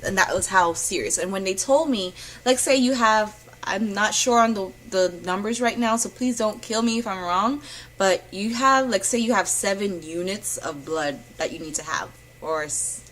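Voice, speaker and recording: A young woman telling her personal story in a candid, animated way, swinging from loud bursts to hushed moments. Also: medium pitch, slight background noise, low-quality recording. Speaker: vlogger.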